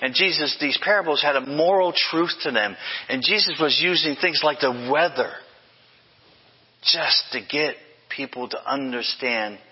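Older male pastor, emphatic sermon delivery with refrains; husky tone, muffled hall recording. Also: mid-range voice. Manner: emphatic, with repeated refrains and self-corrections.

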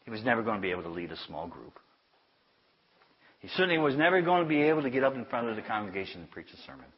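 A man preaching to a congregation, telling a personal story in a chatty, self-amused way and dropping to a hush for the tender lines. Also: lowish voice, big pitch swings, racing. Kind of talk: sermon storytelling. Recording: dull lo-fi sound.

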